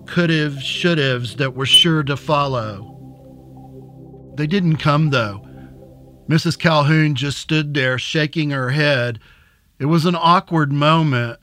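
A man narrating a story in an even, unhurried reading voice. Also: fairly high pitch. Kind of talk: audiobook reading.

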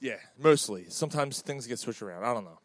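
A man's voice: medium pitch, a little fast, no room sound. A man hosting a casual sports talk show from a bar, joking around and swearing freely in loose banter. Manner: joking, profane, animated banter. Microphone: desk microphone.

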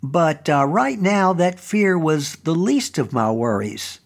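A man narrating a first-person story as the host of his own show, with a fairly high-pitched voice. He tells it in an earnest, conversational manner. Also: very animated, slow pace, vocal fry. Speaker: storytelling host and historical reenactor.

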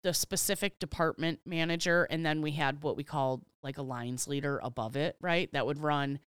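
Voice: medium pitch, moderate pace, smooth, no room sound, studio quality. A podcast co-host telling a work story in casual chat, acting out each exchange and venting with casual swearing. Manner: animated storyteller, acts out dialogue.

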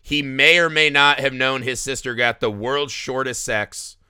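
A man's voice: medium pitch, unhurried, clear, resonant tone, no room sound, clean studio sound. A man hosting a podcast, talking casually and animatedly about a horror film, often tagging his points with "right?". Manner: animated, tags lines with "right?". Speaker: podcast host.

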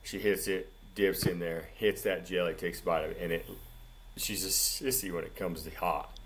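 A man co-hosting a casual podcast, telling a rambling story in an animated way and saying "dude" constantly. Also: sits low, moderate pace, noisy background. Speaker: podcast co-host.

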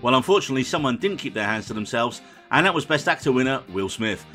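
A man hosting a podcast, running through the episode rundown in a quick, dry, teasing manner. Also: mid-range voice, animated, bright, forceful tone, soft background music. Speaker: podcast host. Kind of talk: casual podcast chat.

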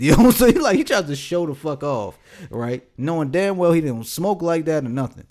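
A man's voice: medium pitch, darkish tone. A man in his late twenties telling a casual, profane story on a podcast and often laughing as he talks. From Pasadena area, California. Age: 20s. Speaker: podcast co-host.

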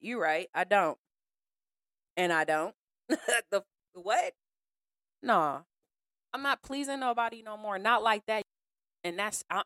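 A woman's voice: mid-range voice, a little slow, pauses often, no echo, clean studio sound. Frank, slangy woman podcaster. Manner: frank and slangy, animated, acts out other people. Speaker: podcast host. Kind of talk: casual podcast monologue.

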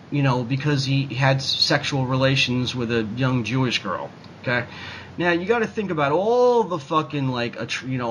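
A man's voice: mid-range voice, fairly bright tone, slight background noise, poor audio. A man ranting in a casual talk show, swearing constantly and rambling with lots of fillers. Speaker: podcast co-host. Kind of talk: profane casual rant.

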